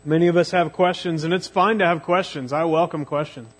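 A man preaching as youth pastor, retelling the story with drama and slowing right down on the phrases he wants to land. His speaking voice sits slightly higher than most men's. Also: fairly even intonation. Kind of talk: sermon.

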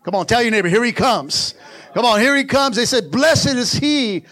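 A man's voice: extremely high pitch, normal speed, a bit bright. A male pastor preaching a sermon in a church, fervently urging the congregation to answer back with repeated calls. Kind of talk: sermon with call-and-response. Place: church sanctuary.

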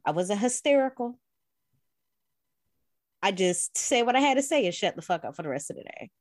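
A woman in casual podcast chat, telling an animated, profane story with plenty of laughs. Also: medium pitch, normal speed, no room sound, clean studio sound. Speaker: podcast co-host.

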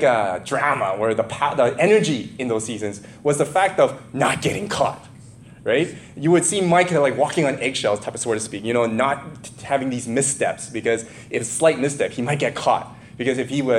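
Slight background noise sits under this middle-aged pastor's mid-range voice as he delivers a sermon. After reading from scripture, he shifts to lively personal anecdotes, chuckling frequently and wandering into relaxed, conversational side remarks.

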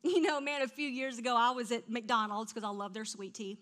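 Woman preacher, middle-aged, high bright voice, animated storytelling that swings from hushed to loud. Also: a little fast. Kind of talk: sermon.

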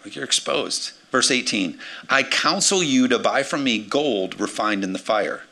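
A man in his forties, a pastor preaching a sermon with energetic swings between loud emphasis and quiet asides. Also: medium pitch, unhurried, creaky. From United States. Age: 40s.

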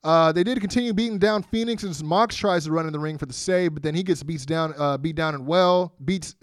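A man's voice: on the high side, fairly quick, no room sound, clean studio sound. A man co-hosting a podcast, recapping a wrestling match move by move in a casual way with fillers. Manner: play-by-play recap with fillers and laughs. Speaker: podcast co-host.

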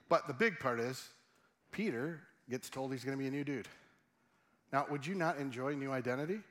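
A man's voice: medium pitch, moderate pace, a bit bright. A middle-aged man preaching a sermon in a humorous, conversational way, often asking his audience questions. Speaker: pastor.

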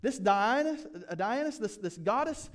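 A man's voice: sits high, lively intonation, normal speed, voice pushed up. A man voicing an agitated ancient silversmith who rallies a crowd in casual modern words.

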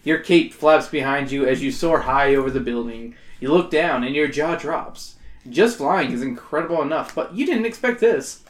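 A man's voice: fairly high pitch, lively intonation, normal speed, echoey room. A man hosting a podcast, reading a gamebook aloud with joking, crude asides. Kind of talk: comedic read-aloud with banter.

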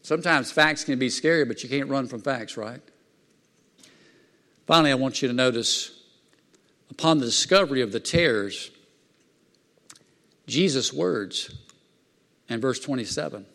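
A man preaching a sermon in a fervent, folksy way, swinging between loud excitement and quiet asides. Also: mid-range voice, a little slow, long pauses. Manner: folksy plain-spoken preaching. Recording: long hall reverb.

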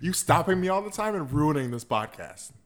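A man co-hosting a podcast in loose, casual chat. His voice is high and swoops about a lot. He drops dry, sarcastic one-liners. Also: big pitch swings, a little fast. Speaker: podcast co-host.

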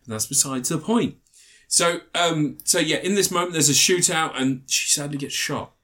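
A man's voice: a little high, moderate pace, pushed and bright. A man co-hosting a podcast, reviewing a film in casual, rambling chat and swearing freely. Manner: rambling, swears freely, acts out film characters in mocking voices. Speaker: podcast co-host.

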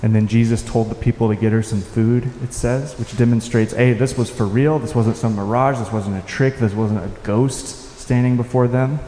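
Male pastor, warm, relaxed tone, unhurried sermon delivery, reverberant hall sound. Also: mid-range voice, a little hiss or hum. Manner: unhurried, reflective, with soft-spoken quoted lines. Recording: echoey hall with faint ambience.

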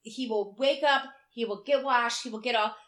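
A woman with a fairly high voice chats in a blunt, joking way and swears freely. Her voice carries a roomy echo. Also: moderate pace, a bit bright. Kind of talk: casual chat.

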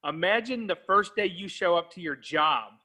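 A man in his thirties hosting a casual chat show, talking in an animated, profane way and turning to the listeners. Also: sits high, moderate pace. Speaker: podcast host, army veteran.

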